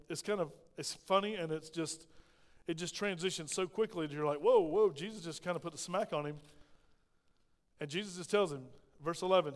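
Male pastor, high-pitched, emphatic sermon with questions to the crowd, echoing church hall. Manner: emphatic preaching with rhetorical questions to the congregation. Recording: long reverb of a large hall.

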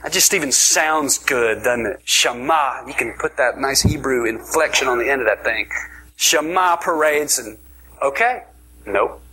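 A man's voice: medium pitch, measured pace, pushed and bright, breathy edge. A man preaching a sermon, telling the story with jokes and dropping into whispers for emphasis. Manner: playful, joking storytelling, with sudden whispers.

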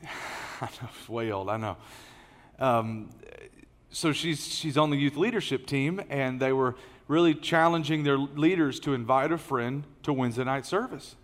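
An unhurried, mid-range male voice carries this sermon. The speaker is a middle-aged lead pastor preaching in a conversational, folksy style with lots of fillers and restarts, and his words echo with the long reverb of a large church auditorium.

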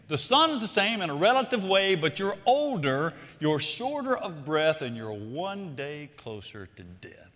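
A man preaching a sermon, animated, shifting between loud emphatic lines and quiet asides. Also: fairly high pitch, big-room sound. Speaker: pastor.

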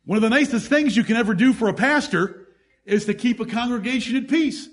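A man's voice: very high voice, fairly quick. A male pastor preaching a sermon to his congregation, reading scripture aloud and stressing key words.

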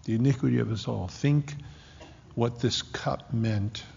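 Gravelly-voiced preacher man in echoing hall. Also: mid-range voice, a little mellow, a little hiss or hum. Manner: impassioned preaching with slow, drawn-out emphasis. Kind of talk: sermon. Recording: dull lo-fi with long hall reverb.

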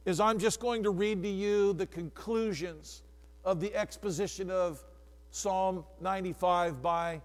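A male pastor preaching a sermon, calling on congregants by name and swinging from hushed asides to shouts. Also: sits high, measured pace, long reverb tail.

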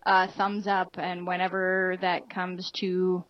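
A woman talks through a movie review in a relaxed, rambling podcast chat, full of ums and likes. Her voice sounds dry and close, with slightly muffled, lo-fi audio. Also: on the low side, slow pace, no echo. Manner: chatty, loose, frequent fillers. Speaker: podcast co-host.

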